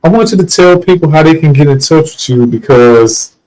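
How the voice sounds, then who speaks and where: A man's voice: a little high, expressive, a little fast, darkish tone, rough recording. A man hosting a podcast, speaking in an affirming, conversational way. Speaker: podcast host.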